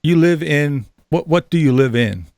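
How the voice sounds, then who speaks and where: Host, male, gravelly and upbeat, casual chat, dry close sound. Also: on the high side, animated, moderate pace, darkish tone, no echo. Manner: upbeat, chatty, laughs often, restarts sentences. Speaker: interview host.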